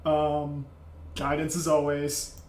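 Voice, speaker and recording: Brief: a man, higher voice, animated player in a tabletop role-playing session. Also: slow, reverberant, heavy background noise. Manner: animated, shouts in-character lines. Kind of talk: playing a tabletop game in character.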